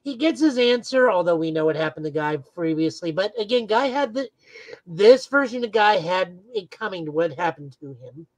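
A woman's voice: lowish voice, expressive, normal speed, no room sound, poor audio. Woman recapping comics, dry close sound. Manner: recaps plots in detail with frequent "uh" fillers. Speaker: podcast co-host. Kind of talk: casual podcast chat reviewing comics.

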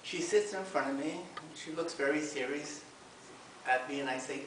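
A man's voice: fairly high pitch, normal speed, crowd noise. A male minister giving a sermon in a church, opening with a humorous story and then preaching earnestly. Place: church hall. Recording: echoey hall, mic from far off, faint hiss.

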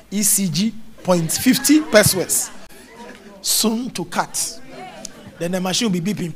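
A man preaching a charismatic sermon, animated, acting out little scenes with mimicked voices and sounds. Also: high voice, a little fast. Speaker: prophet preaching.

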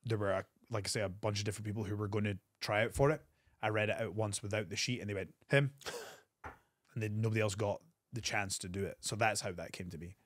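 Man telling a lively story. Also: no echo. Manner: animated storyteller, quick bursts of pitch. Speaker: wrestler guest. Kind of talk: storytelling interview.

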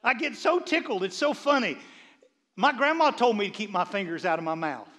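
A man preaching a sermon as a bishop, animated, with frequent stammered restarts and quiet asides. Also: high-pitched, brisk. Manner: drops into quiet asides and quoted voices. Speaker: bishop and pastor.

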